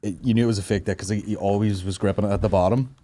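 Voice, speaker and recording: A man's voice: fairly low pitch, fairly even intonation, rapid-fire, dark tone, slight background noise. A man hosting a podcast, chatting casually in sweary, riffing banter. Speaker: podcast host. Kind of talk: casual comedic chat.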